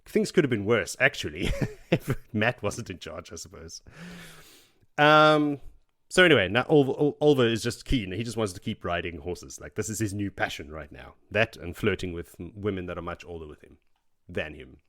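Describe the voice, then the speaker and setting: A man with a lowish, fairly bright, animated voice talks at normal speed while casually recapping a fantasy book chapter by chapter as a podcast host. He rambles and laughs, acting out the characters' lines.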